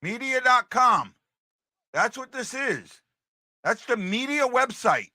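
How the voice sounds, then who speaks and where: A man's voice: very high voice, very animated, takes it slowly, bright, forceful tone, no room sound, studio quality. A man hosting a casual hockey livestream, chatting to his viewers and repeating himself as he talks. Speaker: hockey podcast host.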